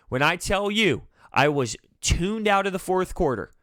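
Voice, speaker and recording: A male sports vlogger venting about his team in a bright, forceful voice. He is animated and exasperated and laughs through the frustration. The sound is dry and close, with no room in it. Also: sits high, a little slow, few pauses, dry recording. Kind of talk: fan reaction commentary.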